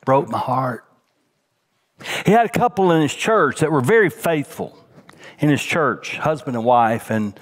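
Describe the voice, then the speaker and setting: A man preaching a sermon as senior pastor, dropping to a hushed near-whisper on tender points and rising in pitch as he tells a story.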